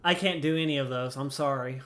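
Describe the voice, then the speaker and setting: A man's voice: mid-range voice, brisk, a bit bright. A man casually commenting while playing a video game, jokey and playful, laughing often. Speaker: let's-play host.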